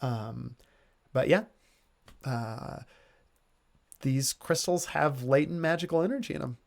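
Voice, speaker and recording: A man's voice: medium pitch, takes it slowly, gravelly. Easygoing man running a tabletop game. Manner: easygoing, explains rules with many fillers. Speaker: game master.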